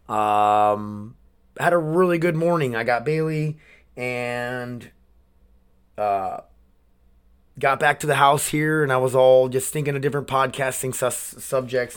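This man in his twenties has a medium-pitched voice with a fairly bright, clean tone. His solo podcast is a casual rant where he sounds worn down, swearing, wandering off topic, and starting sentences over.

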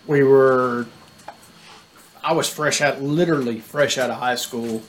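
A young adult man chatting casually as a guest, easygoing and quick to laugh. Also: mid-range voice, fairly even intonation, a little hiss or hum. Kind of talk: casual chat.

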